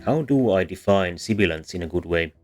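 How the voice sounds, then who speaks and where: Man, very low voice, teaching in voice-over; hesitant, lots of ums and restarts, soft music underneath. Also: lively intonation, a little fast. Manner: hesitant, many fillers and restarts. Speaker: language history explainer. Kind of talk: explanatory voice-over lesson.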